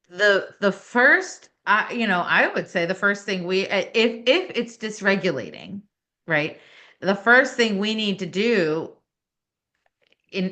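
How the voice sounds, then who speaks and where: Woman consultant, podcast chat: lively, animated delivery with a wide, bouncing pitch. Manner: animated, explains with lively asides. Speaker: education consultant and coach. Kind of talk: casual podcast conversation.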